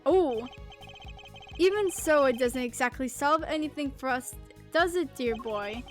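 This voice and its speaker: A woman's voice: high-pitched, lively intonation, unhurried, soft background music. A woman voicing a pompous older man in a courtroom, condescending and calling others "dear boy". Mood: smug. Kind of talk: reading game dialogue aloud.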